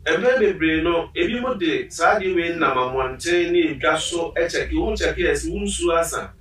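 A man's voice: fairly high pitch, expressive, normal speed, fairly bright tone. A man, a health expert on a talk show, explaining patiently step by step. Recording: roomy, distant mic.

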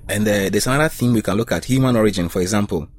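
A man's voice: fairly low pitch, racing. A man hosting a panel discussion on Bible study, asking questions and prompting the panelists. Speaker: host.

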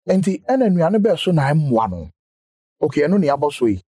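A man with a husky, dark voice who keeps the chat going with questions and short agreements. His pitch is middling and the sound is dry and close. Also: very animated, normal speed, no echo. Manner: asks follow-up questions and backchannels often. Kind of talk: casual health chat.

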